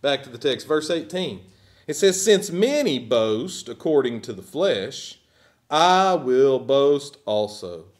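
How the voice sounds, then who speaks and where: A man's voice: medium pitch, big pitch swings, slow. A man, a pastor preaching a sermon in a church in an emphatic, rising and falling way. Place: church sanctuary.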